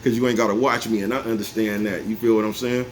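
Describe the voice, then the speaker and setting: Laid-back low-voiced man in his forties. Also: little pitch movement, quick pace. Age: 40s. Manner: laid-back, repeats "you know what I'm talking about", chuckles often. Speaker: vlogger. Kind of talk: casual ranting monologue. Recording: faint background noise.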